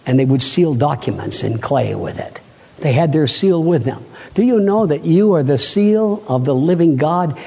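A man's voice: high-pitched, a little mellow. A man preaching a sermon, emphatic and rising to fervent peaks, asking the congregation questions. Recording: long hall reverb.

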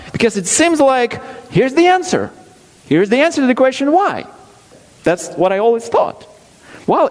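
Man, preacher, sermon, slightly high voice, slow emphatic reading, reverberant hall. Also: a little mellow.

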